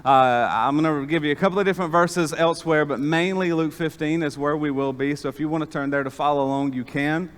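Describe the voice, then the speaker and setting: A man's voice: a little high, fairly even intonation, a little fast, few pauses, clear, resonant tone. Man preaching in a reverberant church. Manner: folksy storytelling with many fillers. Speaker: pastor. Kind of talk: sermon. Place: church sanctuary. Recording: long reverb of a church hall.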